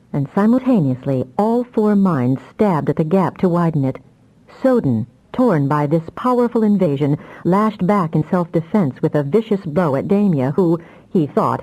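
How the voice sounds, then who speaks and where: A woman reading fantasy audiobook narration in a measured, even storytelling manner. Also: lowish voice, highs cut off. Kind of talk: scripted narration.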